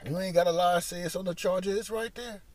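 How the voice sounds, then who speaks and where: A man's voice: high-pitched, fast talker, dry recording. A man delivering a rambling, profane comedic monologue as host, acting out little scenes in other voices. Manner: profane, loud, animated, acts out voices.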